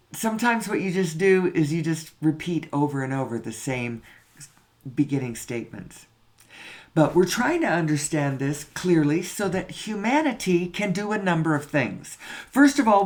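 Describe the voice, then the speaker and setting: In a voice on the high side, a man hosting a spiritual talk rambles through a monologue on spiritual and social matters. He keeps repeating himself, asks rhetorical questions, and swears in a casual way.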